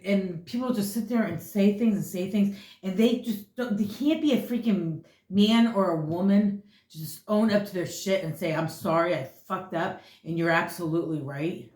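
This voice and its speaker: A woman giving a casual tarot reading, talking bluntly and with a lot of swearing as she rambles. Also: medium pitch. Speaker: tarot reader. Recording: echoey room.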